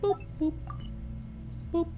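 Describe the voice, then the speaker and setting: A man streaming a video game, chatting casually, laughing often and reading the game's dialogue aloud in an animated way. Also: extremely slow, faint music behind. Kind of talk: casual gaming livestream.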